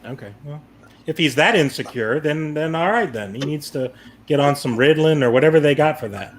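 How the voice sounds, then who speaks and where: A man's voice: a little high, expressive, fairly quick, slight background noise. A man co-hosting a casual live stream, ribbing his co-host with blunt, mock-arrogant remarks.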